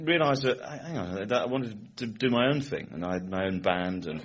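A man's voice: on the low side, animated, fairly quick, hardly any pauses, husky. A middle-aged man, a chat-show guest, telling rambling anecdotes and laughing often. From England. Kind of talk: casual chat-show interview. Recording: dull lo-fi recording.

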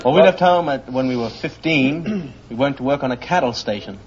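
A man's voice: medium pitch, a little fast, darkish tone, a little hiss or hum. Man, Australian accent, hesitant contestant, nervous laughs, muffled old recording. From North Queensland, Australia. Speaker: quiz show contestant.

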